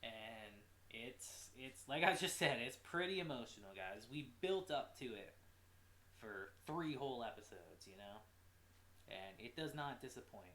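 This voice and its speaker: A man giving a casual, animated recap of a show episode as a reviewer, with swearing and quick asides. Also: medium pitch, echoey room. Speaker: anime reviewer.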